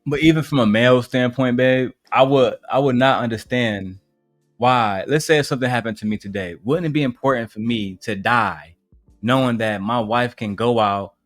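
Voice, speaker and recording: A man's voice: mid-range voice, normal speed, dry recording, clean studio sound, faint music behind. A man hosting a reaction livestream, talking in a blunt, profane, ranting way. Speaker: livestream host. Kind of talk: casual reaction stream chat.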